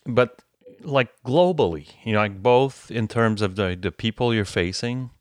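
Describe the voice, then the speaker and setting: A male interviewer with a very deep, smooth voice talks in a casual, hesitant way, leaning heavily on fillers. He is recorded dry and close, with little room sound. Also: a little slow, no echo. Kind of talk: casual conversation.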